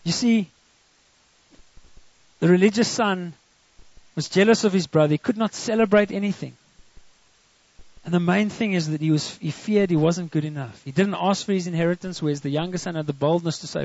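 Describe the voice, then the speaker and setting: A man preaches a sermon in a high, gravelly voice and breaks into dramatic quoted voices as he retells a story. The sound is dry and dull, like a lo-fi recording. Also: moderate pace, no room sound.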